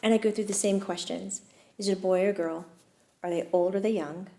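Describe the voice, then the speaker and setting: Chatty woman host, laughing between stories. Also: mid-range voice. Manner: lively, laughs often, pauses with fillers. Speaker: host and medium. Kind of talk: casual storytelling chat.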